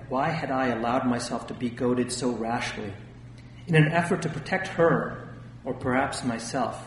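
A man reading a first-person memoir aloud with a wry, lightly animated delivery. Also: medium pitch, a little hiss or hum. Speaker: audiobook narrator. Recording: distant, echoey room with long reverb.

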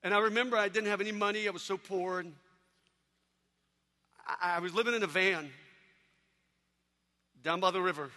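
A man preaching an energetic sermon, telling stories with animated shouts and sudden hushed drops. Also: high voice, normal speed, pauses often, in a large hall. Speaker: evangelist speaker.

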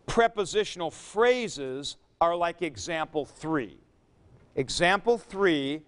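A man's voice: a little high, lively intonation, takes it slowly, a bit bright, clean tone. A man teaching a Greek grammar class. He stops to correct himself and repeats the key points. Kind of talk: lecture.

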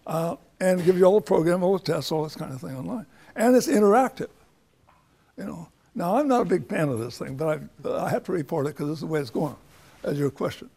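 An older man gives an informal lecture, answering students in a loose, anecdotal ramble. His voice sits a little high, with a gravelly fry and a husky, rough edge. He keeps restarting his sentences as he works toward his point. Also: lively intonation, quick pace, dark tone. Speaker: professor speaking to students.

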